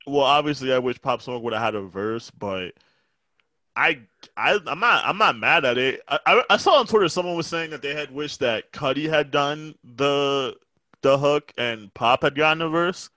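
A man's voice: medium pitch, moderate pace, no room sound. A man co-hosting a casual phone chat, joking and swearing, with many "like" fillers and restarts. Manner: animated, joking, profane, hesitant with fillers. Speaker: podcast co-host. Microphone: phone call.

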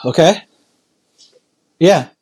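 A man hosting a casual podcast, easygoing and quick to laugh, often restarting his sentences. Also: a little mellow. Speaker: podcast host.

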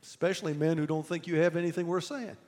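A man preaching a sermon, retelling a scripture story with animated quoted voices and asides to the congregation. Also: a little high, fast, a little hiss or hum. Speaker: pastor. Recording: reverberant hall.

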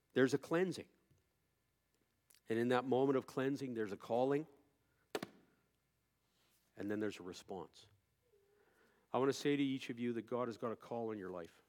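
A male pastor preaching a sermon, moving from quiet storytelling to loud, impassioned preaching. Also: medium pitch.

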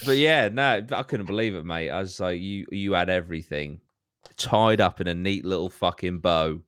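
A man's voice: low voice, moderate pace, fairly bright tone, clear, resonant tone, no room sound, studio quality. A man, hosting a podcast and telling a story in casual chat, swearing heavily and ranting with animation. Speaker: podcast host.

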